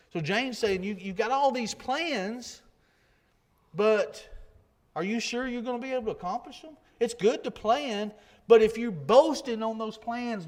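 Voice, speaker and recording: A man's voice: high voice, normal speed. A man preaching a sermon in a conversational way, often repeating himself and asking rhetorical questions.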